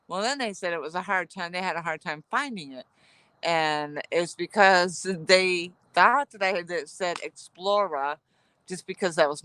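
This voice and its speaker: A woman hosts a relaxed chat outdoors by a campfire at night, winding through her stories with frequent laughter. She talks into a headset mic. The sound is close and dry, with no room around it. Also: on the low side, clear, resonant tone, no room sound, poor audio. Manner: rambling, laughing storyteller. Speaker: channel host.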